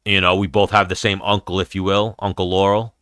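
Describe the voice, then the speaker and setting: A man's voice: low voice, level tone, brisk, pushed and bright, no room sound, studio quality. Profane, rambling man on a livestream. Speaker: host of an MMA livestream. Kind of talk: casual livestream chat.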